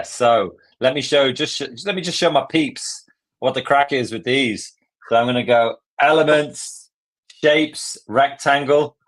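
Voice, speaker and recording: A man hosting a live software lesson, walking through steps in a chatty, joking way. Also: mid-range voice. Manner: chatty, jokey, step-by-step. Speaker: tutorial host.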